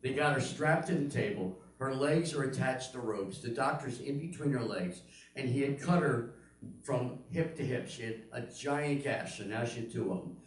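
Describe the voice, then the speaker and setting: An older man works through a stand-up routine with punchy, story-driven delivery, jumping into quick voices for the characters in his stories. His voice booms around a very echoey room. The mic sits some way back from him. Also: animated, recorded from a distance. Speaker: stand-up comedian.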